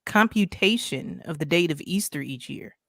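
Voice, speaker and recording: Deep-voiced yet fairly bright in tone, a podcast co-host rants casually over a video call with lively intonation at a normal pace. She presses her points emphatically, repeating them and asking "right?" again and again. There's no room sound, just a clean studio recording.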